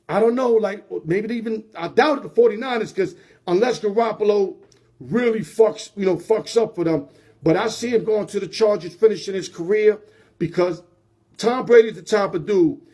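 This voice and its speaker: A man's voice: high-pitched, mellow. A man hosting his own sports show, talking in a slangy, emphatic way. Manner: slangy, emphatic, hype-driven. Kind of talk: casual sports commentary.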